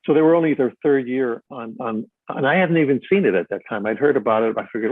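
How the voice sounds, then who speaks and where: A husky, breathy-voiced older man rambles through stories in a live interview, restarting his sentences and stacking up fillers. The sound is tinny and phone-like, and dry, with no room echo. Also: mid-range voice, fast talker, few pauses. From Chicago. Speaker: actor being interviewed. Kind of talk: live stage interview, storytelling.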